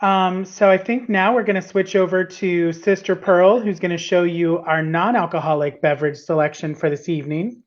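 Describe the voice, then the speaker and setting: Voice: mid-range voice, fairly even intonation, moderate pace, few pauses, lo-fi sound. Sassy campy livestream hostess. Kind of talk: hosting a livestream.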